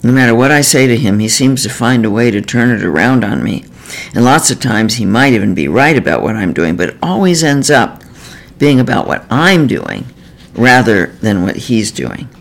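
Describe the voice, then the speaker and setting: A man's voice: medium pitch, very animated, moderate pace, gravelly. A man voicing a frustrated wife in couples counseling, speaking in his own plain voice. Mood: weary.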